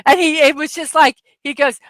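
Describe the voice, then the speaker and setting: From her desk at home, a middle-aged woman runs a casual livestream, rambling through stories with lots of fillers and laughs. Her slightly high voice is bright and forceful, with fairly even intonation at a moderate pace and no echo.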